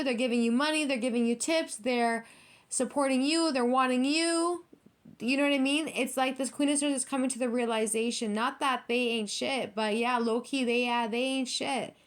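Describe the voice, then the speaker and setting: A woman reading tarot cards in a loose, chatty way, her voice sitting a little high. She is blunt and swears freely, pressing her points hard as she talks straight to the viewer. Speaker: tarot reader.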